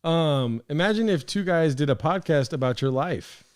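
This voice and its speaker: A man's voice: fairly high pitch, lively intonation, moderate pace, smooth. A man streaming for hours, reacting to clips with dry, sarcastic, rambling talk.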